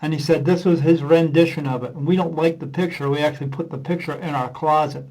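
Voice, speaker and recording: This podcast guest, a medium by profession, talks fast with a fairly high, darkish voice and fairly even intonation. He rambles through anecdotes, acting out dialogue with frequent "uh" fillers, on a low-quality recording.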